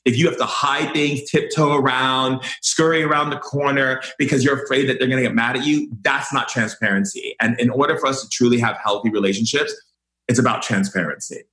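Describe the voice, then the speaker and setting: A man's voice: mid-range voice, fairly even intonation, a little fast, pushed and bright. Effusive man with a roomy echo. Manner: effusive, repeats phrases, many fillers. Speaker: podcast guest. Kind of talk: warm conversational interview.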